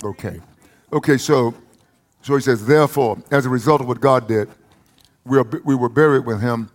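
A man with an East Texas accent preaching a lively sermon, with folksy humor and emphatic repetition. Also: medium pitch, normal speed.

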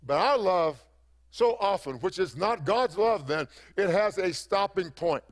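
A man's voice: sits high, animated, a little slow. A man preaching a sermon as pastor, emphatic and repeating phrases for effect.

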